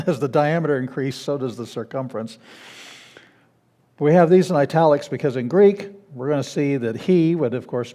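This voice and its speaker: Mellow-voiced man teaching a class. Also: mid-range voice. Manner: patient, explanatory, with frequent restarts and fillers. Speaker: Greek teacher. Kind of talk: classroom lecture. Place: church classroom.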